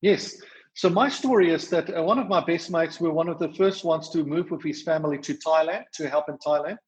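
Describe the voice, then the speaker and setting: A man with a South African accent, explaining his charity's rescue work in a podcast interview, talking fast with many fillers and restarts. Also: a little high, a little mellow, muffled recording. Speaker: charity worker.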